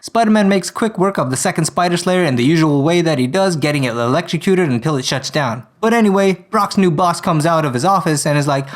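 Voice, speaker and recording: A man's voice: fairly high pitch, fairly quick, few pauses. A man from outside the United States narrating a cartoon recap in a playful, sarcastic way as host. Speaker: video host.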